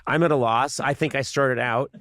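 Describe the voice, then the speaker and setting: A man hosting a comedy podcast, riffing in mock exasperation and breaking into goofy high noises. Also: fairly even intonation, moderate pace, a bit bright. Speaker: podcast host. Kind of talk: comedic casual chat. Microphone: studio podcast microphone, close.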